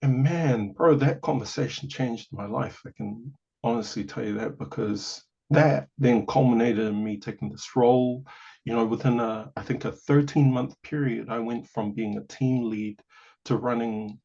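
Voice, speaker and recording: A gravelly, husky New man in his forties tells his story as a podcast guest. He keeps it animated and sprinkles his talk with casual asides. The audio sounds a bit dull and lo-fi. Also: mid-range voice, moderate pace. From New Zealand. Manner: animated, acts out quoted voices, many "you know" asides. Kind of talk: personal storytelling in a conversation.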